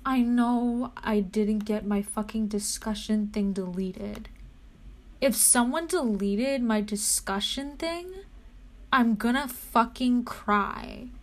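A young woman talking to her viewers at an unhurried pace while she clicks around her computer. Her voice sits a little high, and she sounds anxious and jittery, swearing freely and slipping in nervous laughs. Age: young adult. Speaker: vlogger. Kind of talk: casual chat while browsing a computer.

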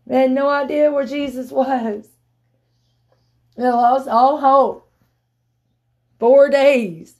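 Slow-speaking woman preaching a sermon. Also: high-pitched, darkish tone. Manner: storytelling, building to emphatic raised peaks.

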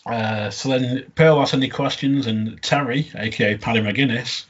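Chatty man, husky. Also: medium pitch, steady tone, normal speed, muffled recording. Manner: chatty, laughing often, quoting lines in funny voices. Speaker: podcast co-host reviewing a comedy episode. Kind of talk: casual recap chat.

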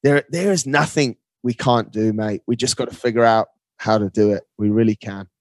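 A man's voice: on the low side, moderate pace, no room sound. Upbeat man who keeps saying mate. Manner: upbeat, emphatic, keeps calling the listener mate. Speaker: guest, marathon runner. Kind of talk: casual interview talk.

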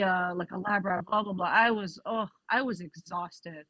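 A woman's voice: on the low side, steady tone, fairly quick, few pauses, a bit bright, no room sound, dull audio. A woman guest on a podcast, chatting casually and acting out quoted exchanges as she tells her story.

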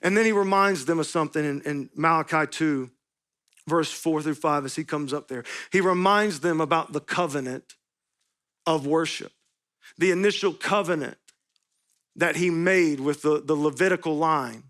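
Higher-voiced man preaching a sermon. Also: normal speed, a bit bright. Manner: earnest, repetitive preaching with rhetorical questions. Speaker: pastor. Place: church sanctuary.

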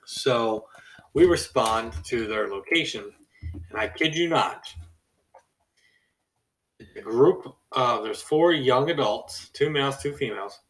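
A young adult man casually telling a story from his job on a podcast, animated and acting out the people in it. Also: medium pitch, distant mic, rough recording. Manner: animated, acts out quoted people with a raised voice. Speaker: podcast host.

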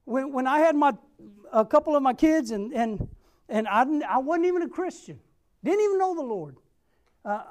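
A middle-aged man delivers a sermon in an earnest, emphatic way. He repeats phrases for weight and speaks straight to the people in front of him. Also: very high-pitched. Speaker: pastor.

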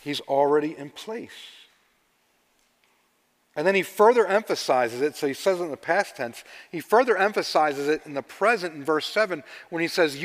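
A man preaching a sermon, telling stories and swinging between loud emphasis and hushed asides. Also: fairly high pitch, lively intonation, normal speed. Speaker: pastor. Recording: long reverb of a large hall.

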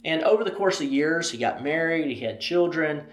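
Male interview guest, animated storyteller, higher voice, echoey room. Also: normal speed. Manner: animated storyteller, acts out quoted dialogue. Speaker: ministry president, interview guest. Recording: roomy echo.

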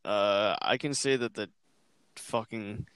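Low-voiced young man, swearing casual talk. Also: sing-song, slow pace, vocal fry, fairly bright tone, clean tone, dry recording. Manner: rambling storytelling, heavy swearing, slangy. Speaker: podcast host. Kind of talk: casual chat.

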